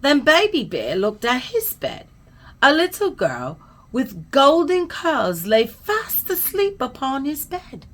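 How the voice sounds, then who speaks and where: A woman storyteller reading a children's bedtime story aloud in an expressive, soothing way. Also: sits high, takes it slowly. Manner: expressive, soothing, trailing into soft whispers at the close.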